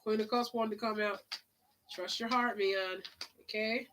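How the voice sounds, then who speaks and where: A woman's voice: mid-range voice, fairly even intonation, measured pace, a bit bright, slight background noise, low-quality recording. A woman giving a casual live tarot reading, chatty and drawling, sniffling now and then. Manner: chatty, drawling, calls listeners honey and child. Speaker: tarot reader.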